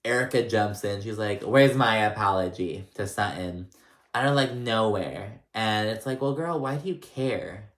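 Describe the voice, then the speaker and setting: A man's voice: on the low side, lively intonation, normal speed, a bit bright. A man casually recapping a reality show, gossipy and blunt, with lots of "like" and swearing. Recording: echoey room.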